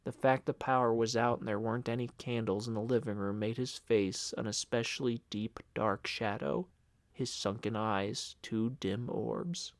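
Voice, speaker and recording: A man's voice: mid-range voice, steady tone, normal speed, no room sound. A man narrating an audiobook in the first person, emotional and upset.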